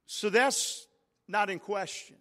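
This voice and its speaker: Male pastor, high-pitched, unhurried sermon delivery with call-and-response, long church reverb. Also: bright, forceful tone. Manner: preaching with call-and-response, rising to emphatic peaks. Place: large church sanctuary.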